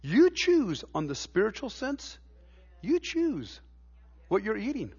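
A man's voice: sits high, huge pitch swings, moderate pace, a little mellow, breathy edge, highs cut off. A middle-aged man preaching a sermon in a church, telling homey stories with stammered restarts and building to emphatic preaching. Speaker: pastor. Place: church sanctuary.

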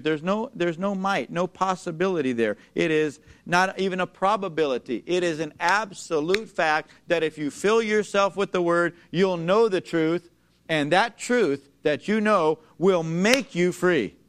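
Man, preacher delivering a sermon; high, smooth voice, emphatic, draws the congregation in with questions. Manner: emphatic, asks the congregation to repeat lines, slows for scripture. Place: church before a congregation.

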